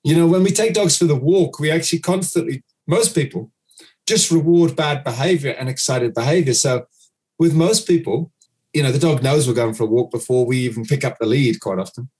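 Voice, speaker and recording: Animated man explaining dog training. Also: medium pitch, a little fast. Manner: animated, acts out dog owners' commands. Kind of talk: interview guest explaining.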